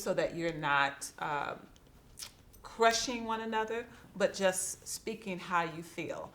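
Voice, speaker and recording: A middle-aged woman pastor chatting casually with her husband, often pausing and correcting herself. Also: on the low side, fairly bright tone. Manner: halting, self-correcting, laughing often. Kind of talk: casual chat.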